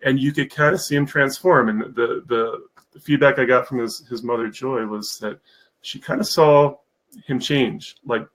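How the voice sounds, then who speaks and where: Guy chatting excitedly on a live show, rambles a lot, lots of ums, middle pitch. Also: normal speed, poor audio. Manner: enthusiastic, rambling with many fillers. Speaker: guest, mentorship program founder. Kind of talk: casual live-stream interview.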